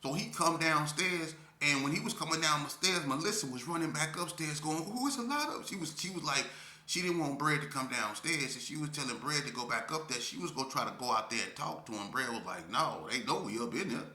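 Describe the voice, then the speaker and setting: A man telling a story from his youth in a casual, animated way, full of slang and often checking in with the listener. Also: on the high side, a little fast, echoey room.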